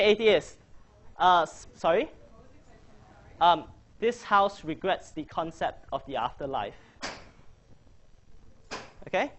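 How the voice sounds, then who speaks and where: A man's voice: sits high, fairly bright tone. A man coaching a debating workshop, chatty and joking as he quizzes his audience. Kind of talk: casual workshop presentation.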